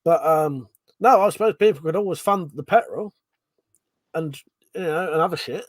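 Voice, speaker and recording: A man's voice: a little high, normal speed, dry recording. A man hosting a casual late-night live stream chat, rambling, swearing a lot and laughing often.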